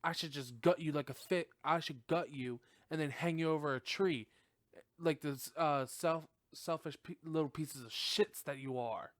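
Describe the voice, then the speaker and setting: A man's voice: fairly high pitch, moderate pace, dry recording, studio quality, natural voice. A man voicing a fed-up male school principal who scolds and threatens students. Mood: scolding.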